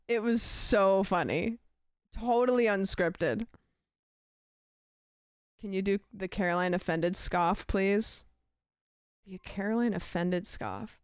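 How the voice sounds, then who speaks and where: A woman's voice: mid-range voice, slow, long pauses, clean tone, no room sound, clean studio sound. A young woman chatting casually on a live stream, giggling often and reacting aloud to clips.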